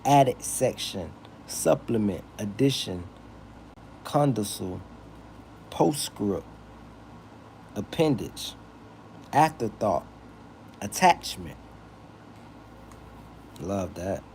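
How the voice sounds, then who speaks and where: A man hosting a livestream, reading lists of words aloud slowly and deliberately, with casual asides. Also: on the low side, expressive, darkish tone, slight background noise. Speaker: livestream host.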